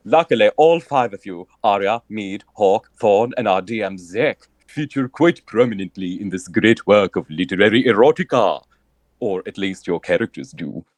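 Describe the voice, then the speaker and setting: A man's voice: fairly low pitch, animated, normal speed, no room sound. A man hamming up a pompous romance novelist. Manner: grandiose, theatrical, ornate wording.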